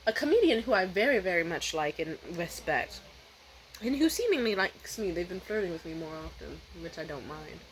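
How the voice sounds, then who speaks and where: A woman's voice: on the low side, expressive, normal speed, a little hiss or hum, low-quality recording. A woman vlogger telling a rambling, profane, candid story in a casual way, often restarting her sentences.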